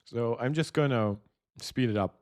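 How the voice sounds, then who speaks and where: A man streaming casually, reacting to tech videos and reading chat aloud with quick laughing asides. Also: medium pitch, darkish tone. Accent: mixed, not clearly regional. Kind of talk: casual live-stream commentary. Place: Berlin.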